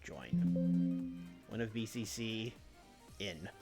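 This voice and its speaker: Man, young adult, playful game streamer, animated pitch, casual chat. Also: very slow, gravelly, soft background music. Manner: playful, storytelling.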